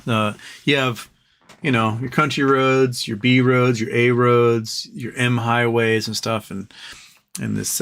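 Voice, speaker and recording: A man's voice: mid-range voice, fairly bright tone. Profane rambling livestream host, man. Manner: rambling, profane, chuckles at own jokes. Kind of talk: casual late-night livestream chat.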